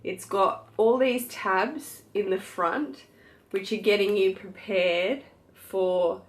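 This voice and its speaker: An Australian woman in her young adult years talks to her camera in a relaxed, unhurried way. She gushes over what she shows and leans on fillers, in a mid-range voice. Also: mid-range voice. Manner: chatty, gushing, many fillers. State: pregnant. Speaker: beauty vlogger. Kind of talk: casual chat to camera.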